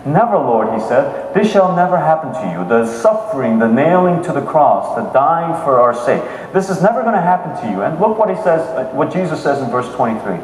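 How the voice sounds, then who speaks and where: Male pastor, animated sermon delivery, voice on the higher side, recorded far off in a reverberant hall. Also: a little fast, hardly any pauses. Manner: animated retelling of scripture with many restarts. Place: church sanctuary. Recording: echoey hall with faint ambience.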